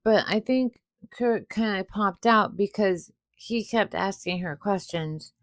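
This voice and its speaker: Slow, chatty woman podcaster. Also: medium pitch, no room sound, studio quality. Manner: chatty, retelling plot with quoted asides. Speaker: podcast co-host. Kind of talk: casual recap chat.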